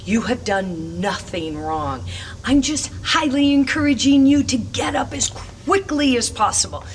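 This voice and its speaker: Upbeat woman skating coach, slightly high. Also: animated, a little slow, distant mic, slight background noise. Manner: upbeat, emphatic, chanting cheers. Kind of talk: instructional talk to parents. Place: roller rink.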